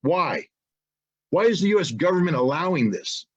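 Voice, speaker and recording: An American man speaking as a webinar guest, indignant and forceful, with rhetorical questions. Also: fairly high pitch, expressive, moderate pace, rough recording. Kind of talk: impassioned webinar talk. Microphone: video call.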